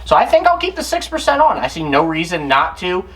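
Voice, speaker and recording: Low-voiced woman giving a chatty demo. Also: sing-song, a little fast, a bit bright. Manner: chatty, thinks aloud, corrects herself. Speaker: reptile keeper and channel host. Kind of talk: casual hands-on demonstration.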